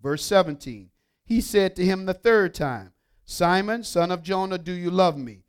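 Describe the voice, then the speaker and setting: High-voiced preacher swinging loud and soft. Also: male voice, animated, a little slow, clear, resonant tone. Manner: call-and-response preaching, swings from hushed to emphatic. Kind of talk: sermon with scripture reading.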